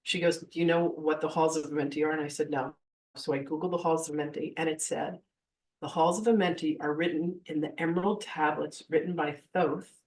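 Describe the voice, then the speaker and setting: A woman's voice: low voice, fairly quick, far from the mic, poor audio. A woman in her fifties, a spiritual teacher telling stories in a live masterclass and acting out the voices she quotes. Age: 50s. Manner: animated, acts out quoted voices.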